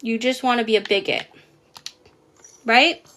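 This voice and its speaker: A woman's voice: fairly high pitch, fairly even intonation, measured pace. A woman hosting a live stream, angrily calling out a rude commenter, swearing and raising her voice. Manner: angry, yelling at a commenter, swearing. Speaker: TikTok live host. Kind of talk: heated livestream chat.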